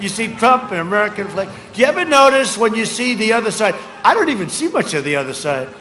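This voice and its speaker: An older man giving a rambling, boastful and mocking campaign speech to a rally crowd, often shouting his points. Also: sits high, background noise. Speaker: politician addressing a rally. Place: large outdoor rally. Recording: echoing PA sound over a loud crowd. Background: crowd ambience.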